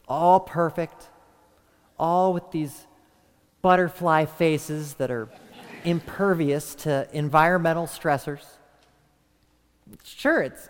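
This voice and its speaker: Lively-pitched man giving a mock lecture. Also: big-room sound. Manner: theatrical, crude deadpan asides to listeners. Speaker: podcast host.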